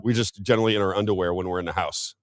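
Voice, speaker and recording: Fast-talking American man hosting a talk show. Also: low-pitched, fairly even intonation, no echo, studio quality. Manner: rambling anecdotal storytelling. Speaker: host. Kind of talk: casual political talk show chat.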